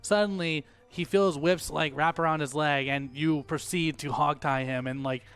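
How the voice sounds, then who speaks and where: A man's voice: on the high side, fairly even intonation, normal speed, a bit bright, smooth, faint music behind. A man running a tabletop game as game master, narrating with frequent laughs and restarts. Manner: rambling, laughs often, many restarts.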